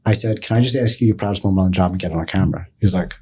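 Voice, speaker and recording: A middle-aged man, telling a story as a podcast guest, animated and acting out other people's lines. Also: sits low, rapid-fire, a little hiss or hum. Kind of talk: storytelling in casual talk.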